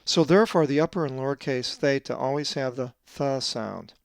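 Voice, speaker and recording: A man's voice: medium pitch, creaky, dry recording, studio quality. Methodical man teaching Greek letters. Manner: methodical, drawn-out slow stress on Greek words. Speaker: Bible translator teaching Greek pronunciation. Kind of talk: scripted teaching lesson.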